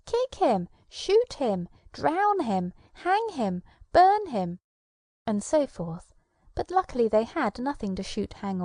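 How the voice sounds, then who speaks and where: Woman audiobook narrator, dramatic storyteller, mid pitch, dry close mic. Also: no room sound. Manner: lively, dramatic storytelling with shifting voice. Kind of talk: scripted narration of a children's fantasy book.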